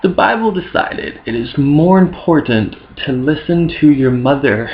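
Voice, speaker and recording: A man's voice: fairly high pitch, animated, slow, dull audio, a little hiss or hum. A young man rambling through an off-the-cuff comic retelling of a story, full of slang and asides. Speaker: vlogger.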